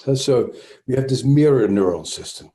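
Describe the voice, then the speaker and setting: A man's voice: mid-range voice, animated, normal speed, warm tone. A man with a Dutch accent, a trauma expert speaking as an interview guest, explaining thoughtfully with frequent restarts and fillers.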